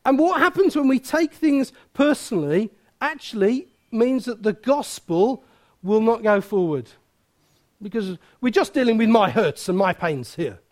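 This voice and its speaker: High-voiced preacher. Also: male voice, big pitch swings, a little slow. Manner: chatty, self-mocking, asks the room questions. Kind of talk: sermon.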